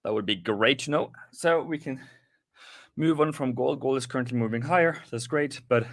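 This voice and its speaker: A man's voice: mid-range voice, normal speed, dry recording, clean studio sound. A man hosting a live trading stream, rambling casually through the markets with restarts and asides to his viewers, a little out of breath. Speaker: trading livestream host.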